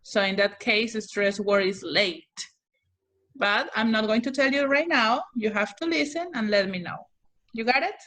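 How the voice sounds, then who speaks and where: Patient woman teacher, slightly high voice. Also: moderate pace, bright, forceful tone. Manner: patient, repeats instructions, checks understanding. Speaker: English teacher. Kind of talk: online class instruction.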